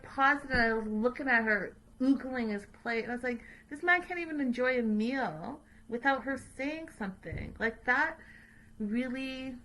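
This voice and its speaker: A woman hosting a casual, chatty recap show, opinionated and quick to laugh. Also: on the high side, sharp tone, a little hiss or hum. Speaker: host.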